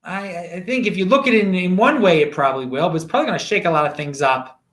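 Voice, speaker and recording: A middle-aged man with a voice a touch higher than most talks to camera as the host of his own show. He is emphatic and a little preachy, drives points home by repeating them, and rambles with restarts and fillers between them. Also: quick pace, fairly bright tone. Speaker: host of a daily cryptocurrency show. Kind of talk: casual solo video monologue.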